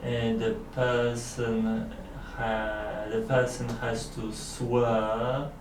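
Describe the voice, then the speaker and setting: A man's voice: medium pitch, little pitch movement, very slow. A man with a Polish accent, a Polish native speaker learning English, answering hesitantly with many filler sounds. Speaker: language student. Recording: roomy echo, distant from the mic, faint background hiss.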